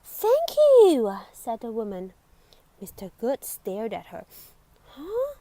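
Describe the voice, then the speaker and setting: A woman reading a children's picture book aloud in an expressive way, with dramatic whispers and exclamations. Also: on the high side, takes it slowly, no room sound, rough recording. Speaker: storybook reader.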